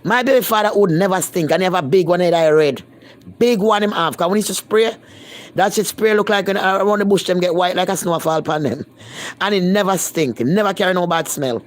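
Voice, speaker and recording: A woman's voice: lowish voice, brisk. A Jamaican woman holds a casual live-stream chat with her viewers, speaking in thick patois. She talks bluntly and emphatically, repeating lines to press her point. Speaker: vlogger.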